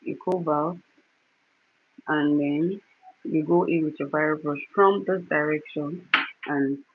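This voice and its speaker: A woman hosting a casual wig-styling livestream, giving instructions in short repeated steps and pausing now and then to soothe a crying baby. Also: low voice, fairly even intonation. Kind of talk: casual hair tutorial livestream. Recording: dull lo-fi phone audio with clear background noise.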